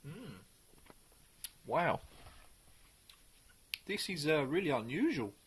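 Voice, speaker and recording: A man reviewing a beer in a casual, chatty way, sometimes pausing to search for the right words. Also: on the high side, very animated, slight background noise.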